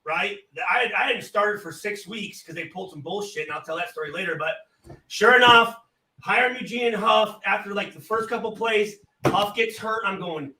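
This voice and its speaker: Profane high-voiced man telling a story. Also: a little fast, echoey room, distant mic, slight background noise, poor audio. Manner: profane, animated storyteller acting out quotes. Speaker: former player telling a story. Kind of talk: casual storytelling on a live show.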